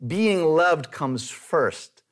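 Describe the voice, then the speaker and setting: A man's voice: fairly high pitch, expressive, extremely slow. A man preaching a sermon in a conversational way, with light self-deprecating humor. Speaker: pastor.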